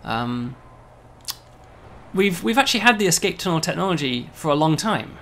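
Gravelly man explaining a game demo. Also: a little high, very animated, moderate pace, sharp tone. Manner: explanatory, with frequent "um" and "right?". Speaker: game developer. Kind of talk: casual game demo commentary.

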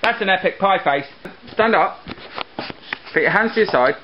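A young man vlogs outdoors in a park with a handheld camera, joking around and laughing a lot in a playful way. His voice is high and animated at a normal speed. The lo-fi camcorder audio is dull with loud hiss.

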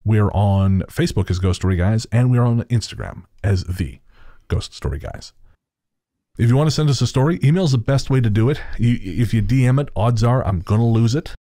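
A man co-hosting a podcast in casual banter, jokey and quick to laugh. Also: lowish voice, animated, dark tone, no room sound, clean studio sound. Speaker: podcast co-host.

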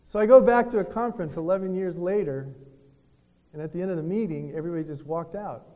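Man, high-pitched voice, lively storytelling preacher, retreat speaker, long hall reverb from a hotel conference room. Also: quick pace. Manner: lively storytelling that acts out other people's words. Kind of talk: preaching talk to a men's retreat.

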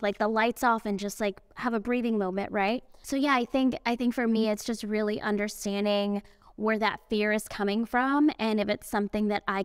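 A woman's voice: fairly high pitch, smooth, dry recording, clean studio sound. A young woman speaking on a panel at an event, chatting casually with lots of fillers and asides. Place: event venue indoors.

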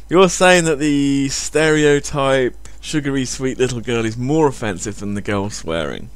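A man's voice: mid-range voice, unhurried, hardly any pauses, smooth, dry recording. A man doing sarcastic comedic commentary on a video, swearing heavily. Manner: sarcastic, heavy swearing, animated.

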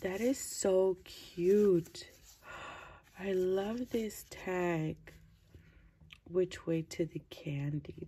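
A woman chatting casually as she opens craft mail, gushing over each piece and keeping her voice low early in the morning. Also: extremely slow, pauses often, warm tone, a little hiss or hum. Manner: gushing, keeps low to avoid waking her child. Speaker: crafting vlogger opening mail. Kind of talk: casual unboxing chat.

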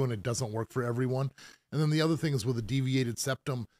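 A middle-aged man at a mid pitch, talking shop about piercings on a casual live stream. He explains things loosely and patiently, with fillers and restarts as he goes. The sound is dry and close, with almost no room. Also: dry recording. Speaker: professional piercer hosting a live Q&A.

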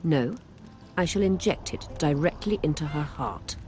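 An actor playing a learned male healer mage who talks in a formal, measured, explanatory way in a fantasy video game. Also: a little high, expressive, a little mellow, soft background music.

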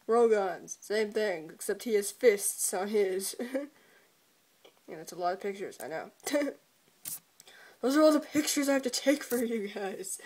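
A woman with a slightly high voice rattles through a joking episode recap. She is irreverent and giggly, swearing often and breaking into laughter. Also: darkish tone. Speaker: video reviewer.

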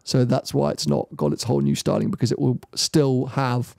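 A man co-hosting a casual car podcast, enthusiastic and quick to laugh. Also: mid-range voice, vocal fry, a little mellow, no room sound, clean studio sound. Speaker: podcast co-host. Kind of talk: casual chat.

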